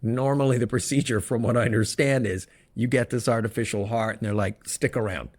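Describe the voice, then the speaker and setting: A man's voice: mid-range voice, steady tone, a little fast, a little mellow. A man hosting a solo good-news podcast, chatting casually and wandering into joking, self-interrupting asides. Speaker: podcast host.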